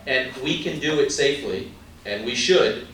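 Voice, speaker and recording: A man's voice: mid-range voice, animated, moderate pace, a bit bright, slight background noise. A man giving an emphatic campaign stump speech at a party meet-and-greet, firing rhetorical questions and asides at the crowd. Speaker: political candidate. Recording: very echoey room from far off.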